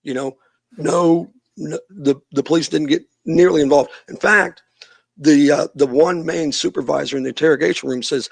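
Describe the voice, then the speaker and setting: A man's voice: fairly high pitch, fairly even intonation, normal speed, creaky, slightly rough, dry recording. A middle-aged man, a youth minister and podcast guest, telling a long story in casual interview talk and acting out the people he quotes.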